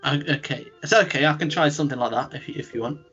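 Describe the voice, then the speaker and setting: A man's voice: on the high side, fast, fairly bright tone. Stammering man, muffled audio. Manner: hesitant, stammering, polite. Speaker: podcast co-host. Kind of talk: comedy sketch as a voice actor. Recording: dull lo-fi podcast audio with faint music.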